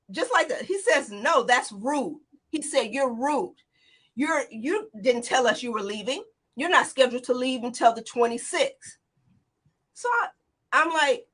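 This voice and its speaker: A woman in her forties, a guest in an interview, retelling a frightening escape in an animated, tumbling way, full of quoted dialogue. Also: high-pitched, unhurried, long pauses, breathy edge. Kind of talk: emotional personal account.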